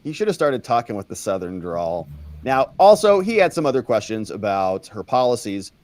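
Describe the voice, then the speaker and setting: A man hosting a commentary show, mocking clips with drawn-out sarcastic repetitions. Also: medium pitch, sing-song, darkish tone.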